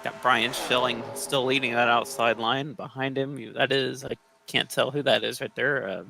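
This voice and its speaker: A man's voice: medium pitch, flat delivery, moderate pace, gravelly, sharp tone, soft background music, low-quality recording. A man giving casual color commentary on a sim race, often hesitating to pick out car numbers. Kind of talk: sim racing broadcast commentary.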